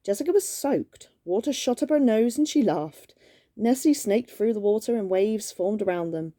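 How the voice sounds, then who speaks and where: A woman's voice: medium pitch, animated, normal speed, mellow, no echo, studio quality. A woman reading a children's gift book aloud at home in a playful, chatty way, stopping now and then to banter. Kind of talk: casual read-aloud storytime with banter.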